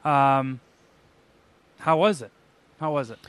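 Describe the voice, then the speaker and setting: A man in casual podcast chat, reacting in a relaxed way and firing off quick questions. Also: mid-range voice, smooth, no room sound.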